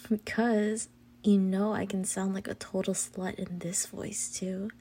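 A woman's voice: mid-range voice, level tone, measured pace. A woman playing a teasing girlfriend in whispered role-play. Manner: breathy whispers with soft hums and giggles. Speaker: audio role-play performer.

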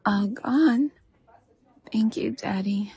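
A woman's voice: a little high, extremely slow, warm tone, husky, no room sound. A woman performing an adult audio role-play, teasing and profane, often dropping into a whisper.

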